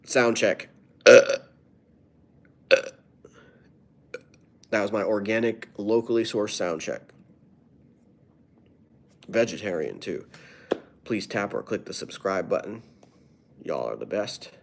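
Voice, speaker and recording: A man with a low voice talks casually with viewers on a live stream. He is playful and swings up and down a lot in pitch as he riffs, tossing off quick throwaway rhymes. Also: lively intonation, creaky. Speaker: comedian.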